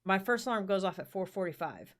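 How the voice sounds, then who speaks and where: A woman's voice: medium pitch, lively intonation, brisk, fairly bright tone. A woman in her forties telling a rambling work story in casual chat, full of fillers and the odd swear word. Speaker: podcast co-host.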